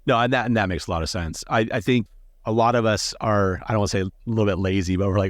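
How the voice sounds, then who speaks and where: A man hosts a casual podcast and asks questions with chatty enthusiasm. His voice sits fairly low, and it is recorded close with a dry sound. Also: quick pace, dry recording. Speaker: podcast host.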